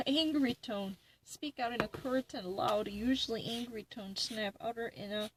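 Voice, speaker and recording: A slightly high-voiced woman reads dictionary definitions aloud and picks them apart, muttering and indignant, as if talking to herself. The home recording is noisy, with a steady hiss and scattered clicks underneath her voice. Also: measured pace. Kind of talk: reading dictionary definitions aloud with running commentary.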